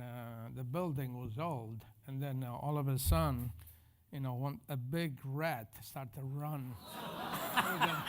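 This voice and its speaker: A man telling a funny anecdote on a panel, laughing as he talks, with halting phrasing. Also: mid-range voice, a little mellow. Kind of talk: casual storytelling on a panel.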